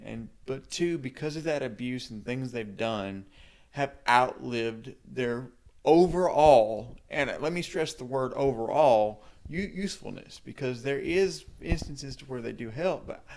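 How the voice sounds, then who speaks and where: A man co-hosting a casual podcast, giving measured opinions with careful hedges and restarts. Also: mid-range voice, darkish tone. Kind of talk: casual chat.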